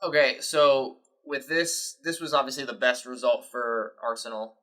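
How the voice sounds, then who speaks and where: A man's voice: mid-range voice, moderate pace, pushed and bright, low-quality recording. A man co-hosting a sports podcast, giving rambling, opinionated takes in casual chat. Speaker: podcast co-host.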